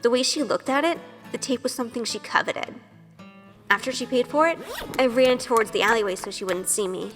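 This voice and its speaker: Actress as a shy young woman narrator, earnest and self-questioning, slightly high voice, reverberant with light music. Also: brisk, fairly bright tone, natural voice. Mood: self-conscious. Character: shy, nervous young woman, obsessive and curious. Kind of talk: first-person audio drama narration.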